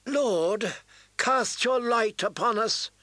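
Brief: male reader doing a zealous priestess in a storybook reading, high and slow, chanting, dry close sound. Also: expressive, pushed and bright, no room sound, exaggerated voice. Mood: calling out. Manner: chanting, incantatory. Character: fervent female red priestess, commanding.

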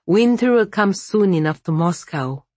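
A woman reading the lines of a male winter king, an ancient frost spirit, in a calm, measured storybook voice. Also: mid-range voice, no echo, close to an everyday voice. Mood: quiet.

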